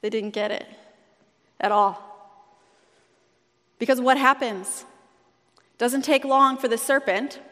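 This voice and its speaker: A woman's voice: on the high side, slow pace, pauses often, fairly bright tone. A woman pastor preaching a sermon in a conversational, storytelling way, in a church sanctuary. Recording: long hall reverb.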